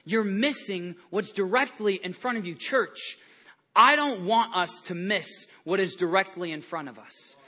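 A male pastor preaching a sermon to his church, animated and lively, stumbling over restarts and acting out the people in his stories. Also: high voice, a little slow. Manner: animated, acts out quoted voices, many restarts. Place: church service before a congregation.

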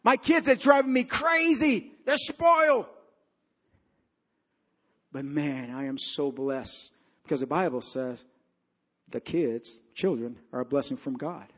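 A man preaching a sermon, telling personal stories and swinging between loud emphatic lines and low, quiet passages. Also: husky. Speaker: pastor.

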